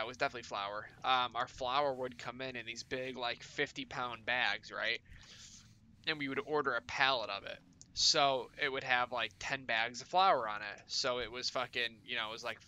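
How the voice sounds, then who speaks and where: Streamer dude rambling to chat, swears a ton, bright sharp voice. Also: male voice, medium pitch, clean tone. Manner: rambling, heavy swearing, lots of "like". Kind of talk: casual chat with viewers.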